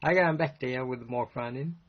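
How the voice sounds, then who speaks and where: A livestream host rambles through his thoughts, restarting often as he chats. His medium-pitched voice runs a little fast, and the stream audio is dull and lo-fi.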